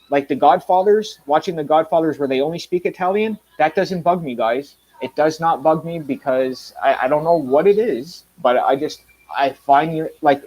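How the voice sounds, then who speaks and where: A man's voice: fairly high pitch, a little mellow, rough recording. A Canadian man with a mild Canadian accent talking casually to his viewers, rambling with lots of ums, restarts and blunt remarks. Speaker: reviewer.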